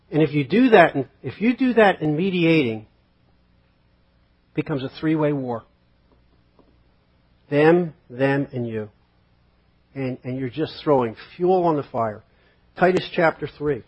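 In a dull, lo-fi recording, a husky-voiced male pastor of medium pitch delivers a conversational sermon. He's animated yet a little slow, pausing often, and fills his preaching with rhetorical questions and quotes he acts out.

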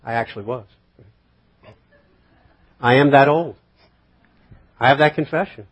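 A man's voice: mid-range voice, unhurried, breathy edge. A male pastor preaching a conversational sermon, full of rhetorical questions and acted-out quotes. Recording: dull lo-fi sermon recording.

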